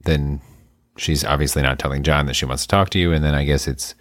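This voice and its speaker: A man with an extremely deep voice hosts a casual conversation, recorded dry and close. He listens with sympathy and asks gentle follow-up questions. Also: steady tone, a little fast, no echo.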